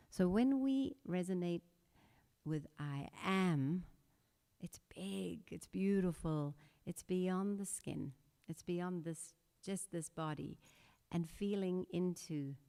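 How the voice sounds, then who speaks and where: A woman leads a guided breathwork meditation in a soft, gentle voice, pitched a little low and paced very slowly. Her calm instructions ring out with a long reverb from a large church hall. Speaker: meditation leader. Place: church sanctuary.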